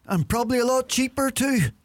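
An actor playing a lazy, sly old Irish uncle who grumbles dry wisecracks, in an Irish accent. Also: male voice, very high-pitched, animated, fairly quick. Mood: wry. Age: older. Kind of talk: comedy sketch acting.

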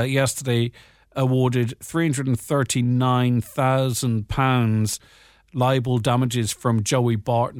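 A man's voice: mid-range voice, a little mellow, no echo, clean studio sound. An Irish man with a slight English twang, reading news stories and adding his own remarks in a casual, conversational way with frequent fillers. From Ireland. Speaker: radio host reading the papers. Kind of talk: casual news chat with commentary.

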